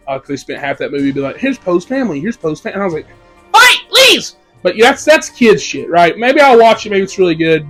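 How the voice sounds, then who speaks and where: High-voiced young man ranting about movies. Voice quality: profane, animated ranting. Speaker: movie reviewer. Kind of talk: casual ranked movie review.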